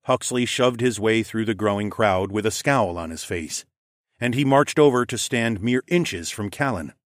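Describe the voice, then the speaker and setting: A man's voice: on the low side, normal speed, dry recording, clean studio sound. A man narrating a fantasy audiobook in the first person, conversational and wry with casual swearing.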